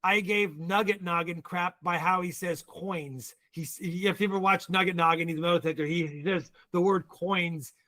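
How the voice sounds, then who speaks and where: An American man, a guest on a casual livestream, telling stories in an animated way. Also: high-pitched, moderate pace, hardly any pauses. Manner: animated storyteller.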